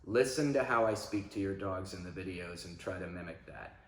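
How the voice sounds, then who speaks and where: A lower-pitched man talking through dog training in a relaxed, conversational way. Every so often he breaks into loud, animated demonstrations of commands. The sound is echoey, as if recorded in a reverberant room. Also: a little fast. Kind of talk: casual instructional talk.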